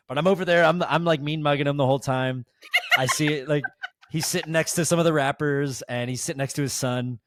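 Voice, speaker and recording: A man's voice: a little high, fairly even intonation, a little fast, a bit bright, no room sound. A man chatting on a podcast, telling a long story in a rambling way with many restarts and fillers. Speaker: podcast guest. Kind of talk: casual podcast chat.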